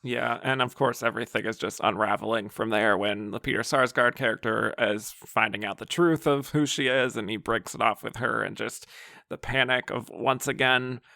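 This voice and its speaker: A man's voice: mid-range voice, steady tone, moderate pace, vocal fry, sharp tone, dry recording, studio quality. A man hosting a podcast, chatting casually about films with loose phrasing and lots of fillers. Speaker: podcast host. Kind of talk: casual film discussion.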